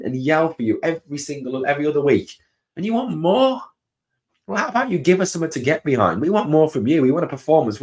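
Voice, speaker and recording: A man hosting a fan channel, delivering a heated, angry rant to camera that builds into shouted outbursts. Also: medium pitch. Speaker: channel host.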